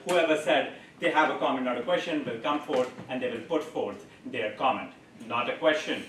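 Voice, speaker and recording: A man's voice: a little high, recorded from a distance, noisy background. A man hosting a live comedy game show on stage, explaining the rules playfully and laughing at his own made-up scoring. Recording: echoey room picked up from afar.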